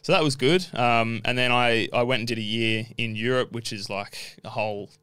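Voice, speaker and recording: A man's voice: medium pitch, steady tone, moderate pace, a bit bright, smooth, dry recording. An Australian man, a racing driver guest, telling stories in a rambling, casual way with many fillers. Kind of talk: casual podcast interview.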